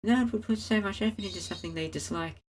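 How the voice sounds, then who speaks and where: A woman voicing a blunt, suspicious young female basketball player in a visual novel, firing off sharp, demanding questions. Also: mid-range voice, fast talker, lightly acted.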